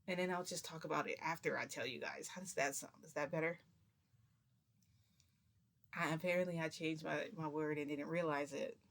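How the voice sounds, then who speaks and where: A woman's voice: low-pitched, fairly even intonation, normal speed, vocal fry, pauses often. A woman vlogger telling a long casual story to her viewers, chatty and rambling, with many restarts.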